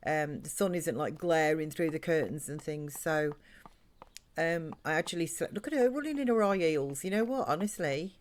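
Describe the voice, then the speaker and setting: Rambling woman streaming a game. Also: fairly low pitch. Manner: chatty, rambling, talks to chat and game characters. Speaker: live streamer. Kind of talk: live-stream gameplay chat.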